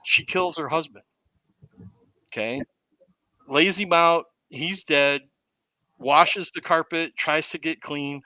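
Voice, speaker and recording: Podcast host guy recapping a movie, bright punchy voice, dry sound. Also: on the high side, takes it slowly, long pauses, no room sound, rough recording. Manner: animated storyteller who acts out the quotes. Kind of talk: casual retelling of a movie plot.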